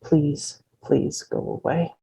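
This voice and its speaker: Clipped teenage farm girl read by a woman, dark husky tone. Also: deep voice, level tone, slow pace, no room sound, exaggerated voice, rough recording. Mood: tense. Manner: clipped, distracted.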